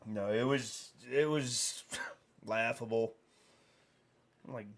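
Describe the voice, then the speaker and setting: A man's voice: mid-range voice, slow, long pauses. A man hosting a livestream, telling a meandering anecdote in casual chat. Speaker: livestream host.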